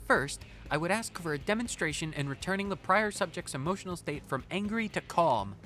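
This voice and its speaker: A curious, analytical hologram researcher speaks in a formal, measured way, read aloud by a man. The tone is bright and lively in pitch, with faint game music underneath. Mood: inquisitive.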